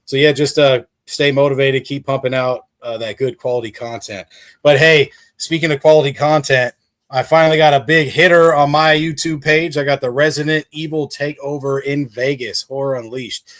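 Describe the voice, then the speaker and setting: A man's voice: mid-range voice, fairly even intonation, moderate pace, a bit bright. Enthusiastic man rambling on a livestream. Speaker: guest creator. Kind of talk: casual livestream chat.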